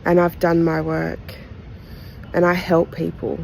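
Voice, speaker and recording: Aussie-born woman podcaster, low flat voice, candid and halting, telling it straight. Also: creaky, slight background noise, poor audio. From Australia. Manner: candid, heartfelt retelling; halting, pauses between phrases. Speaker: podcast host. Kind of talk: personal storytelling podcast.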